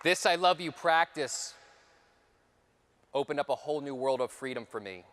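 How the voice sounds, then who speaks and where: A man giving a conference talk, telling a personal story with dramatic shifts, sometimes dropping to a hushed voice. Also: medium pitch, normal speed, big-room sound, some chatter behind. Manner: dramatic storytelling, dropping to near whispers for repeated phrases. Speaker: conference speaker.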